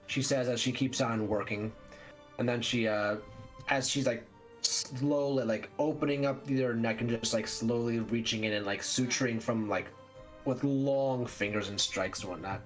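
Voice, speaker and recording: Male game storyteller with mid-range pitch, casual and loose, full of fillers. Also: moderate pace, soft background music, rough recording. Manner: loose, filler-heavy narration. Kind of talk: narrating a tabletop game.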